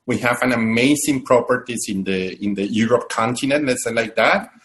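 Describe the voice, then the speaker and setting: A man's voice: medium pitch, normal speed, fairly bright tone. A man hosting a live video-call webinar, talking with effusive enthusiasm and frequent restarts. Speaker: webinar host.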